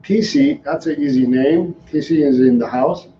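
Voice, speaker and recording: A man's voice: mid-range voice, normal speed, slight background noise. A male dog trainer answering viewer questions live, explaining in an earnest, repetitive way. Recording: roomy, slightly dull livestream audio.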